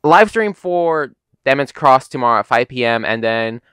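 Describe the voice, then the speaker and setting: A man's voice: medium pitch, lively intonation, normal speed, fairly bright tone, clear, resonant tone, no echo. A young American man tells a casual, profane, rambling story in his vlog, full of filler words. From United States. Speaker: gaming YouTuber.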